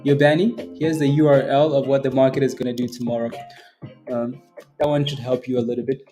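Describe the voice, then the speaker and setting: Chatty guy livestreaming trades, giggles a lot, mellow voice, faint music behind. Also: mid-range voice, little pitch movement, brisk. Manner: chatty, giggly, answers chat by name. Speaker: day trading livestream host. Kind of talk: casual live commentary.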